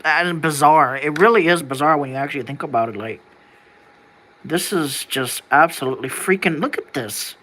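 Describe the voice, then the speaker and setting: Bright, rambling vlogger. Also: mid-range voice, normal speed. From United States. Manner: rambling and wondering aloud, with frequent restarts and casual swearing. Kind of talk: casual musing to camera.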